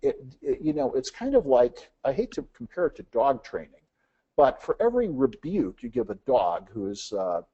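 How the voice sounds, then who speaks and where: Animated storytelling man, husky and dull-sounding. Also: mid-range voice, moderate pace. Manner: acts out dialogue in anecdotes, frequent "uh" fillers. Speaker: business presenter. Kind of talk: storytelling business presentation.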